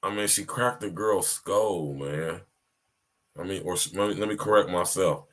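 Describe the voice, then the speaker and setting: A man's voice: on the low side, measured pace. A man hosting a podcast livestream, talking straight to his listeners in a rambling, emphatic monologue and often asking if they hear him. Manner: direct address to listeners, repetitive. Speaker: podcast host.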